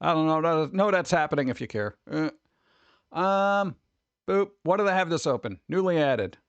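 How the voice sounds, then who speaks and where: A man's voice: a little high, animated, normal speed, clear, resonant tone, dry recording, highs cut off. A man streaming live, chatting casually and reading news aloud with offhand jokes in a rambling way.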